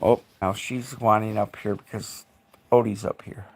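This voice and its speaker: A man's voice: lowish voice, steady tone, moderate pace. A man chatting casually on a live stream at home, cooing baby talk to his dogs in between. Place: indoors at home.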